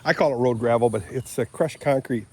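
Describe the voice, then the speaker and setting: An older man from Michigan rambling in a casual vlog while walking around his property outdoors, often clearing his throat and drifting into asides. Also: medium pitch, fairly quick, mellow, slight background noise. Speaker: vlogger.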